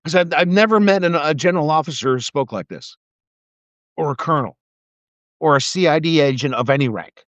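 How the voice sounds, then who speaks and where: A middle-aged man rants with heated, profane sarcasm into a live stream, his voice pitched a little above the usual male range. The sound is dry, with no room around it, and slightly muffled, like a phone or webcam mic. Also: lively intonation, a little fast, a bit bright, dry recording. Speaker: live video streamer, former military investigator. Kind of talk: angry political rant.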